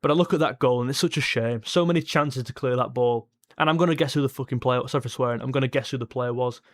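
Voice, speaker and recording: Excitable man hosting a watchalong. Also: medium pitch, fast talker. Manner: excitable, blunt, swears at players. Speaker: fan watchalong host. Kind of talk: live match watchalong reaction.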